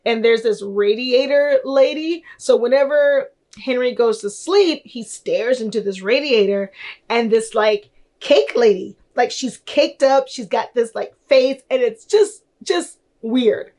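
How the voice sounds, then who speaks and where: A woman's voice: fairly high pitch, measured pace, a little mellow. A young woman chatting loosely through a film review, rambling with lots of fillers and giggles. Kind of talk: casual film review chat.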